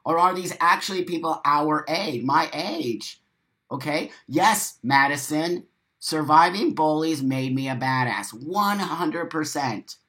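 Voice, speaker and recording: Reading chat comments as he goes, a streamer launches a rapid, unplanned, expletive-heavy rant at medium pitch. He repeats phrases to land them and veers between booming moments and low-key asides.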